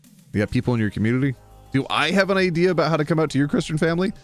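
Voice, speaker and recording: A man's voice: a little high, animated, racing. Playful man streaming over faint music. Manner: playful, reads donations aloud, laughs often. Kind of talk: casual live-stream chat.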